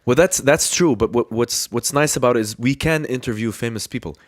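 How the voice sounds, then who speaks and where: A man's voice: mid-range voice, a little fast, no room sound. Joking man podcast host, dry room. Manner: joking, puts on silly accents. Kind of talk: casual chat.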